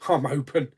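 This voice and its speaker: A man with a slightly husky voice hosts a relaxed live chat, reading viewers' questions aloud and answering them. His pitch swings around a lot as he talks, and he laughs easily. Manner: chatty, laughs often, reads viewer comments aloud. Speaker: host of a live chat stream.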